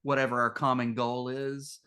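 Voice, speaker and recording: A man's voice: mid-range voice, level tone, normal speed, pushed and bright, clean tone. A man co-hosting a casual film discussion podcast, critical and laughing often. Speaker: podcast co-host.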